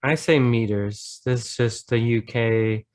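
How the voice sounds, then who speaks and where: An American man tutors math at an unhurried, deliberate pace, his voice pitched in an ordinary middle range. He talks through each step patiently and encourages his student. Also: a little mellow. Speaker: math teacher. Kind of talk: online tutoring lesson.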